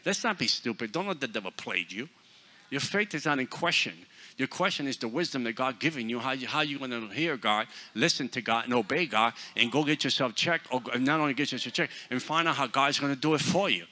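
Male guest preacher, forceful sermon delivery, sharp bright voice. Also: medium pitch, lively intonation, fairly quick. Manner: forceful, blunt, swings between loud and hushed. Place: church.

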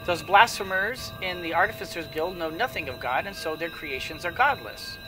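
A man doing a calm, menacing nun. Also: fairly high pitch, normal speed, lightly acted. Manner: calm, portentous delivery. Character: serene, menacing woman nun, devout and calm. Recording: distant mic with music behind.

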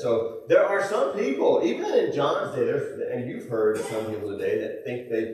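A male pastor preaching a sermon in a church auditorium, talking conversationally with folksy asides and chuckles. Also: medium pitch. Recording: echoey church hall, mic at a distance.

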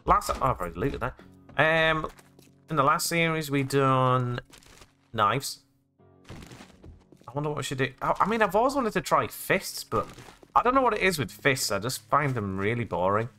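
A man's voice: medium pitch, very animated, moderate pace, long pauses, bright, forceful tone, soft background music. An English man hosting a let's play, narrating his own in-game actions in past tense with playful jokes. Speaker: gaming channel host.

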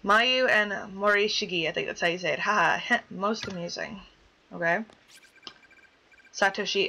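Bright-voiced woman gamer, jumpy and joking. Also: mid-range voice, a little slow, vocal fry, pauses often, poor audio. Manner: jokey, easily spooked, yelps at scares. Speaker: let's play gamer. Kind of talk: casual game commentary, reading dialogue aloud.

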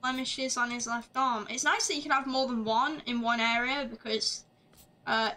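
A woman streaming a game live, chatting along as she plays, swearing freely and shouting at the screen. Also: a little high, a little hiss or hum. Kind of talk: live gameplay commentary.

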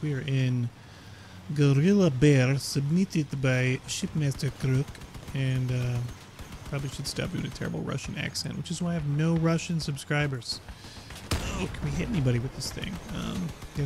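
A man giving excitable, chatty commentary over his own gameplay, exclaiming often. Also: medium pitch, noisy background. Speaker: gaming YouTuber. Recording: game gunfire behind voice. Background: game gunfire and explosions.

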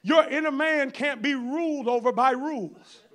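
A man preaching a sermon as pastor, folksy and fiery, at times rising to shouts. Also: very high-pitched, moderate pace.

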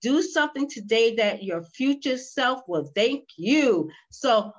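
A woman hosting a virtual spa session over a video call, energetic and cheery, calling out to her viewers. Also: fairly high pitch, unhurried, lo-fi sound. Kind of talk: lively livestream chat.

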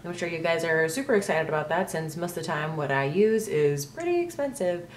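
Low-voiced chatty young woman vlogger. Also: lively intonation, a little fast, slight background noise. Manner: chatty, rambling with many ums and likes. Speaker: beauty vlogger. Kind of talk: casual makeup tutorial talk.

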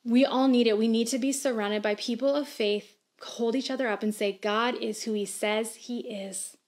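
A woman in her thirties preaching to a church livestream with a fairly high voice. She talks in an earnest, conversational way and asks gentle questions as she goes. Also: fairly even intonation, normal speed. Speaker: pastor. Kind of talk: sermon.

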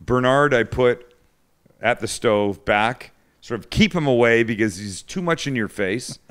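Hosting a cooking show, this man speaks unhurriedly in a mid-range, fairly bright voice. He's a joking storyteller who teases his friends in easygoing chat and imitates how they talk.

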